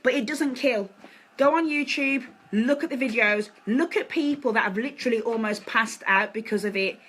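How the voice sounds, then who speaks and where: A woman's voice: fairly high pitch, moderate pace, fairly bright tone, slight background noise, poor audio. A woman, hosting a casual live stream from home on her phone and confiding in her viewers in an earnest way.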